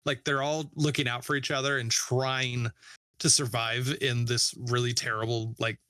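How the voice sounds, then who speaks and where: A man's voice: medium pitch, flat delivery, moderate pace, bright, forceful tone, no echo, studio quality. A man co-hosting a film podcast, speaking casually and hesitantly as he searches for words. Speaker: podcast co-host.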